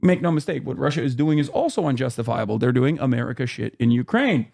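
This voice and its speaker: A man's voice: medium pitch, animated, fast, gravelly, darkish tone. A man hosting a live stream, giving heated, casual political commentary with frequent swearing and emphatic outbursts. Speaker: streamer host.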